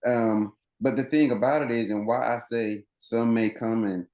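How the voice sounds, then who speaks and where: A man's voice: medium pitch, steady tone, normal speed, a little mellow, echoey room. A man running coach, interviewed as a guest on a podcast, explaining things earnestly at length with many restarts.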